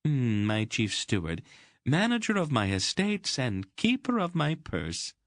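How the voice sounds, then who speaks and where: A man voicing a commanding, motherly noblewoman who gives out orders in a brisk, dry, teasing way. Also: medium pitch, wildly swooping pitch, no echo, voice pushed up.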